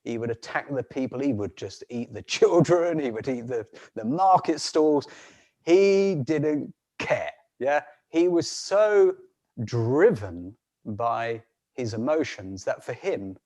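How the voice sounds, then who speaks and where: A man telling a folk tale on a video call in an unhurried way, with frequent restarts and soft laughs. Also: medium pitch. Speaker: storyteller.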